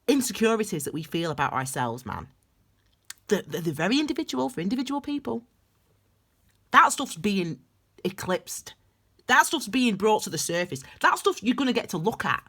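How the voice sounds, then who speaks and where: A woman's voice: mid-range voice, big pitch swings, moderate pace, a bit bright. A woman giving a tarot reading, talking straight to her viewers in an emphatic, impassioned pep talk. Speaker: tarot reader. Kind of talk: solo tarot reading to camera.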